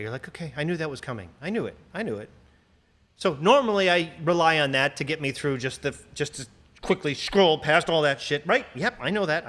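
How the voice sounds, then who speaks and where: A man hosting a livestream, ranting in a casual, profane, animated way with sarcastic asides. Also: on the high side. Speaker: livestream host.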